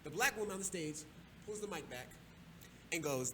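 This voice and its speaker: A man's voice: fairly high pitch, expressive, brisk, sharp tone, slight background noise. A man hosting a casual podcast, telling a story in a loose, profane way and laughing often. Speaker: podcast host.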